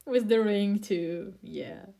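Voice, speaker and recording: A woman artist casually commenting on her own comic while streaming, with excitable, dramatic outbursts. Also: mid-range voice, creaky.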